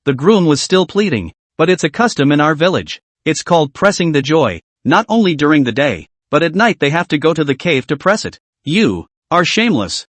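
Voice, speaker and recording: A man's voice: fairly high pitch, lively intonation, a little fast, hardly any pauses, no echo. A man narrating a manhwa recap, reading all the characters' lines in his own voice with stilted wording. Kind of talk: scripted story narration.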